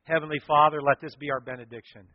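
A pastor preaching a sermon, telling stories with animation and swinging from loud to hushed. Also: male voice, fairly high pitch, fairly even intonation, quick pace, no room sound. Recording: dull lo-fi sound.

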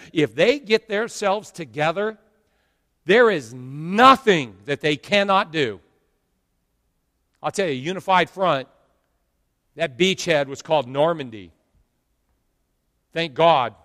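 A man preaching a sermon as pastor, with loud emphatic swells and drawn-out phrases. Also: a little high, long reverb tail. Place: church sanctuary.

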